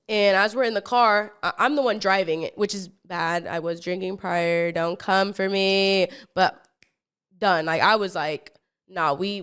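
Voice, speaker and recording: A woman's voice: medium pitch, smooth. Rambling young woman telling a story. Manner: rambling, stumbling restarts and fillers; animated, acts out what people said. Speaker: podcast host. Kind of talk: casual storytime monologue.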